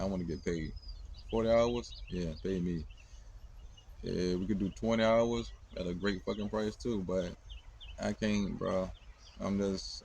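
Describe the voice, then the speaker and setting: A man's voice: deep voice, creaky, darkish tone, slight background noise. A man in his thirties, hosting a podcast, talking casually and rambling bluntly with plenty of swearing. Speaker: podcast host. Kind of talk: casual monologue.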